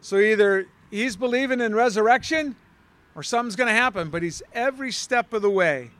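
A man's voice: high voice, fairly quick, a bit bright. A man teaching a Bible study in a conversational way, putting questions to his listeners.

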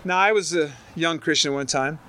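A man's voice: a little high, normal speed, a little hiss or hum. A middle-aged man preaching a sermon, reading scripture aloud and riffing on it with humor and stories. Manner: animated, storytelling, reads scripture aloud then riffs with humor. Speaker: pastor.

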